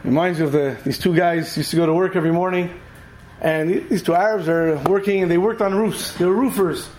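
A man teaching a Torah class who tells animated stories and acts out the characters. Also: high voice, fairly quick, poor audio. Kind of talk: storytelling lecture.

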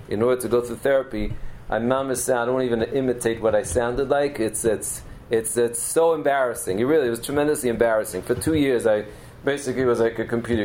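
A man's voice: mid-range voice, darkish tone, a little hiss or hum, low-quality recording. A middle-aged man giving a Torah lecture as a teacher, telling stories earnestly and mixing Hebrew and Yiddish terms into his English.

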